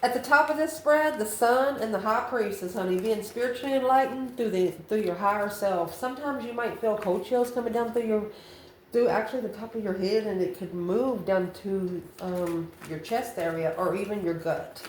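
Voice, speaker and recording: A woman's voice: mid-range voice, normal speed. A woman reading tarot cards in a loose, chatty way, calling the listener honey and laughing between cards. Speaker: tarot reader. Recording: roomy echo, faint ambient noise.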